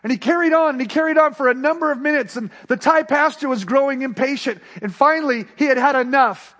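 A man's voice: very high-pitched, fast. A man preaching a sermon, telling a story in an earnest voice that rises with the tension and drops when he gets to the lesson. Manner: earnest, rising then hushed.

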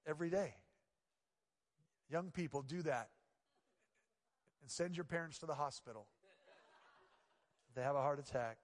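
A pastor preaching in a reverberant hall, his voice sitting a little high for a man. He keeps it chatty and playful, then sinks into hushed, earnest passages. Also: unhurried, pauses often. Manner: conversational and playful, dropping to quiet earnest tones. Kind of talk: sermon.

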